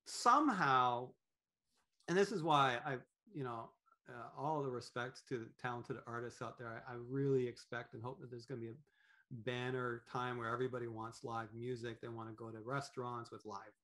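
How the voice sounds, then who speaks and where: A man talking as a podcast guest in an animated, rambling way, with many fillers and restarts. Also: mid-range voice, moderate pace. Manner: animated, acts out quoted thoughts in voices. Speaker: podcast guest, business owner. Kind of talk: conversational interview.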